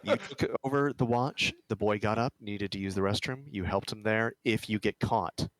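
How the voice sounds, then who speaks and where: A man in a tabletop game gives blunt, commanding orders to the group. His voice sits low, and the recording is close and dry. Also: normal speed, fairly bright tone, no room sound, rough recording. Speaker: player.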